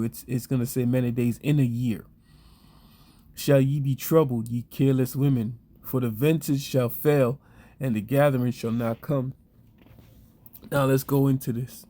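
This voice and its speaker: A man's voice: mid-range voice, warm tone. Man, ranting commentary, scripture reading, rambling, fillers, crude, preachy. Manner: rambling, full of fillers and restarts. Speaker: online commentator.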